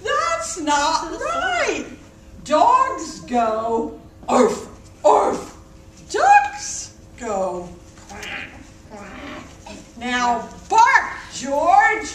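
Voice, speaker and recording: An exasperated storybook mother dog, as a woman reading aloud puts her on, coaxing her puppy. The voice is very high and lively. It is heard in a roomy space from a little way off the mic. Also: extremely slow, pauses often, recorded from a distance, full character voice.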